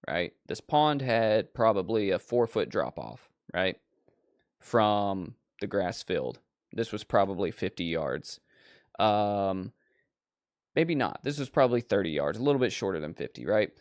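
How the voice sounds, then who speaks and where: A man's voice: fairly low pitch, dry recording, studio quality. Rambling, foul-mouthed male horror show host. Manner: profane, digressive, animated storyteller. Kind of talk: casual rambling chat.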